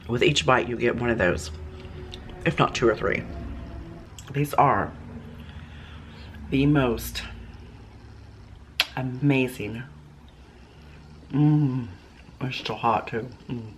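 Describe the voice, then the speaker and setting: A woman's voice: rumbling low, slow, long pauses, a little hiss or hum, poor audio. A woman hosting a home cooking show, chatting casually and gushing over her food in her kitchen, sometimes talking with her mouth full.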